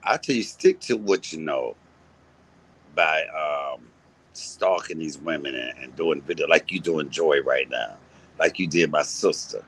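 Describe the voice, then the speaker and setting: A man's voice: a bass voice, measured pace, fairly bright tone, husky, low-quality recording. A man, ranting to his viewers in a profane, confrontational and mocking way. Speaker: live-streaming commentator. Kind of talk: casual rant to viewers.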